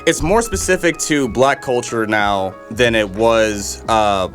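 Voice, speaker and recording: A man co-hosting a casual podcast, talking in an animated, profane way and laughing often. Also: lowish voice, slow pace, faint music behind. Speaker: podcast co-host. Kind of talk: casual chat.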